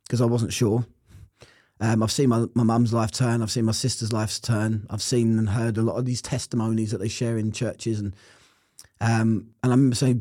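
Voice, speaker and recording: A man's voice: fairly low pitch, little pitch movement, normal speed, dark tone, no room sound, clean studio sound. A man telling his personal testimony in an interview, earnest and reflective. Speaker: interview guest.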